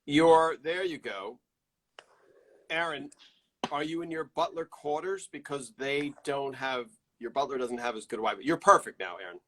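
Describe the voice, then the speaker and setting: A man's voice: medium pitch, normal speed, fairly bright tone. A man hosting a live fan show, chatting casually and greeting viewers one by one on a stream from home through a built-in computer mic.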